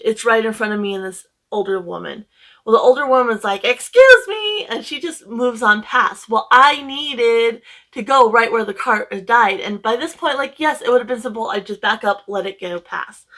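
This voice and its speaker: A young woman retells her day to camera in a loose, rambling way, full of fillers and emotion. Her voice sits a little high, and she talks casually from home. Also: fairly bright tone. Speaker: book vlogger.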